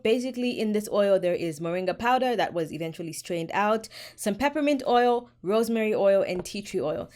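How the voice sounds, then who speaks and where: A woman talks straight to her viewers in a hair care vlog. Her voice sits at an ordinary pitch, and she speaks frankly and with emphasis as she hands out advice. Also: a little mellow. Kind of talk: direct-to-camera advice vlog.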